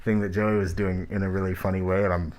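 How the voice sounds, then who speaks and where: A man's voice: low-pitched, little pitch movement, fast, darkish tone. A man hosting track reviews in casual spoken critique, talking in a blunt, rambling, profane way, his voice muffled by a mask. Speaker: host reviewing rap tracks.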